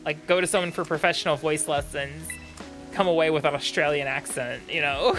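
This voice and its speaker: A man's voice: a little high, brisk, pushed and bright, faint music behind. A man chatting casually on a gaming stream, rambling with many fillers and restarts.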